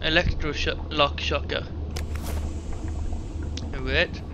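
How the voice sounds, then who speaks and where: A man's voice: fairly high pitch, steady tone, slow pace, dull audio, background noise. A young man casually commenting on a game while playing and reading in-game notes aloud. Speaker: gamer.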